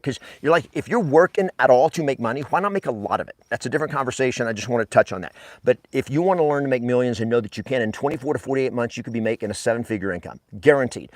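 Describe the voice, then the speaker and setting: A man's voice: mid-range voice, a little mellow, no room sound. A man giving a blunt, emphatic motivational talk as a real estate coach, swearing freely.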